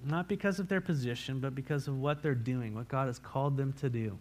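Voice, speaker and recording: A pastor preaching a sermon, earnest and repeating key words for emphasis. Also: male voice, mid-range voice, fairly quick, darkish tone. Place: church sanctuary.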